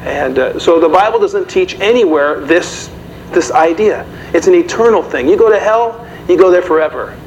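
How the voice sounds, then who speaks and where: A man's voice: high-pitched, animated, normal speed, a little mellow. A man preaching a sermon in a conversational way, often asking the audience questions. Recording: dull, slightly noisy recording.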